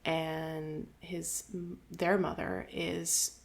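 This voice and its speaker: A woman co-hosting a podcast, casually retelling a book's plot with quick giggles and lots of "like". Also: deep voice, little pitch movement, vocal fry. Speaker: podcast co-host. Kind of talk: casual book discussion.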